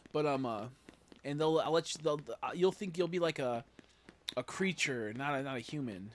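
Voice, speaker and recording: A young man casually chatting on a game livestream, rambling and joking, jumping from loud bursts to low mutters. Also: expressive, normal speed, a little hiss or hum. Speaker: streamer. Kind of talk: casual livestream chat while gaming.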